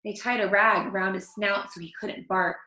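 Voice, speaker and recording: A woman reading a picture book aloud to children, expressive, stopping to comment on the story. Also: medium pitch, normal speed. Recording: echoey room.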